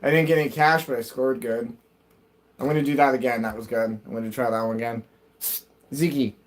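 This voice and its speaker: A man's voice: medium pitch, fairly quick. Chatty man streaming a racing game. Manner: chatty, excitable, talks to his cat. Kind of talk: live gaming stream chat.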